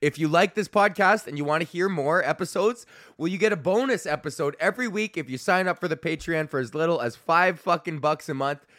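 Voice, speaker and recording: Male podcast host and comedian, rambling and profane, bright, forward voice, dry close sound. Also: a little high, no room sound. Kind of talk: casual podcast monologue.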